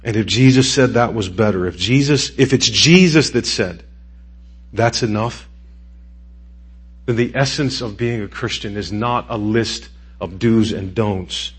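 A middle-aged man preaching a sermon as pastor, moving between quiet, intimate pleading and raised, emphatic declarations. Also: lowish voice, a little slow, breathy edge. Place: church sanctuary.

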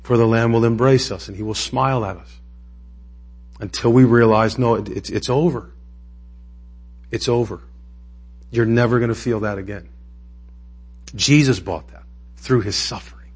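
A husky-voiced man preaches from the pulpit in a loose, conversational way. His voice sits in a middle register, and it turns emotional and climbs into impassioned peaks. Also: medium pitch, steady tone, moderate pace, long pauses. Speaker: pastor. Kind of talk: sermon.

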